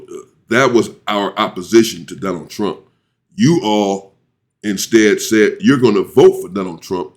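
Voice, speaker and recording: Heated man ranting on his channel. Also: darkish tone. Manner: heated, indignant, swings to high exclaims. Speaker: commentary channel host. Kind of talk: ranting reaction commentary.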